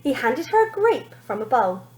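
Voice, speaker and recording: A woman teacher reading a children's storybook aloud, lively and expressive, pointing out the pictures. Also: sits high, normal speed, echoey room, poor audio.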